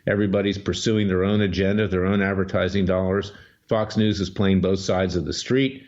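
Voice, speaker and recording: A man hosting political talk radio, lowish voice and an emphatic, combative way of laying out his case. The audio is dull and lo-fi, like an old radio broadcast. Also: flat delivery, fairly quick, a little mellow. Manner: emphatic, combative, scornful delivery. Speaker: radio talk show host and lawyer.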